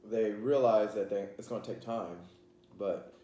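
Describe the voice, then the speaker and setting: A man's voice: lowish voice, fairly even intonation, measured pace, mellow. A man hosting a casual vlog, rambling with many fillers while he eats his meal. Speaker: channel host. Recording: echoey room, faint background noise.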